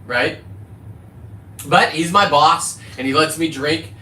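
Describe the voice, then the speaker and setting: Brash middle-aged male streamer, swearing and rambling, voice pitched a bit high, recorded in a reverberant space. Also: takes it slowly, sharp tone, slight background noise. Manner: profane, boisterous, jumps between topics. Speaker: livestreaming content creator. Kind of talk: rambling casual livestream.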